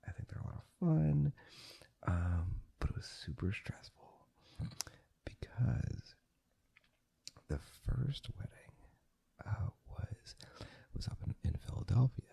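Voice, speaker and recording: A young man rambling softly in a whispered ASMR video, meandering and correcting himself, recorded on two microphones panned ear to ear. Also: lowish voice, vocal fry, breathy edge. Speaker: ASMR channel host. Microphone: two microphones in stereo, ear to ear.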